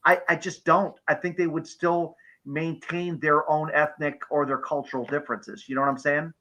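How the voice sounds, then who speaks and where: Bright, emphatic man in a debate. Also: fairly high pitch, flat delivery, normal speed, rough recording. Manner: emphatic, agrees often, asks "you know what I'm saying". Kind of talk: casual live-stream discussion.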